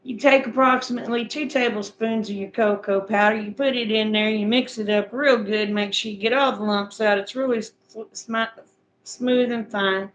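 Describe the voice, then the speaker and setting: A woman's voice: a little high, steady tone, moderate pace, lo-fi sound, slight background noise. A middle-aged woman chatting casually with her viewers and walking them through a recipe in a homespun, repetitive way. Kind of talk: casual chat, recipe instructions.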